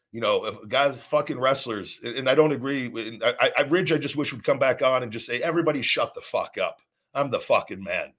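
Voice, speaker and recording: A man of ordinary pitch hosts his own podcast in a solo rant. He talks bluntly and combatively, swearing freely and often restarting or repeating his sentences mid-thought. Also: fairly bright tone. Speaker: podcast host.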